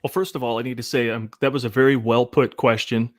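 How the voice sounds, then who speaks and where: A man who is a guest on a casual interview show over a video call, joking and animated, jumping into quick asides. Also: mid-range voice, dry recording, studio quality.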